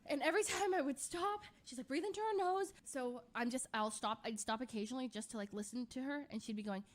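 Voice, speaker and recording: A woman streamer casually retelling a tense, emotional story, animated and full of fillers. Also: fairly high pitch, fast talker.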